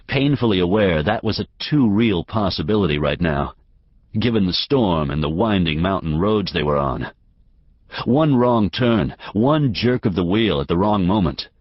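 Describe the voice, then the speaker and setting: A man with a very low, deep voice narrates a novel in measured, feeling storytelling. The booth recording is dry and close, with a slightly dull, muffled top end. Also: no room sound. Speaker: audiobook narrator. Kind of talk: scripted narration.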